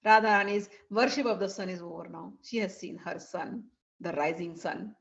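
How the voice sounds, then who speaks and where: A woman telling a devotional story in an animated way, acting out the characters. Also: on the low side, moderate pace, creaky. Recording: dull lo-fi recording.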